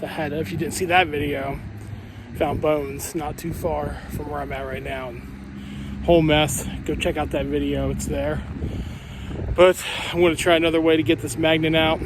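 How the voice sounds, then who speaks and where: A male magnet fishing vlogger talks casually to camera outdoors by flooded water in a park, excitable and exclaiming as he chats to viewers as "you guys." His slightly high voice moves at normal speed into a handheld mic, with passing cars audible behind.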